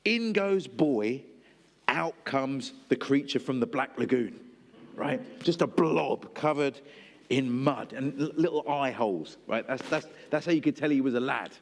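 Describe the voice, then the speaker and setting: A man's voice: mid-range voice, expressive, a little slow, creaky. A male preacher delivering a sermon in a conversational storytelling style, acting out voices. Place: church hall. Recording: long hall reverb.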